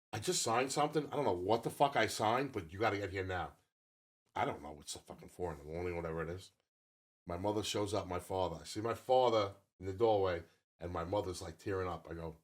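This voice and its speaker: Man, fifties, raspy voice, casual podcast chat, swears constantly, rambling stories. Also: lowish voice. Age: 50s. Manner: profane, rambling storyteller. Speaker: podcast co-host.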